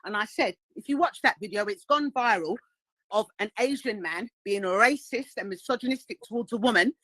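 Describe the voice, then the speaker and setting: A woman's voice: mid-range voice, a little fast, a bit bright, no room sound, poor audio. A woman who has called in to a live stream, telling an indignant story and acting out the voices of the people in it. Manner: indignant, acts out the voices of others in her story. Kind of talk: animated storytelling.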